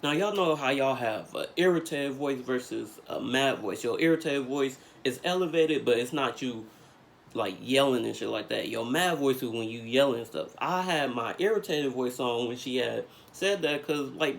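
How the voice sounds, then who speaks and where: A young man vlogging, telling a story in casual slang with lots of fillers, getting animated as he retells it. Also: medium pitch, normal speed, vocal fry. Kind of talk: storytime vlog.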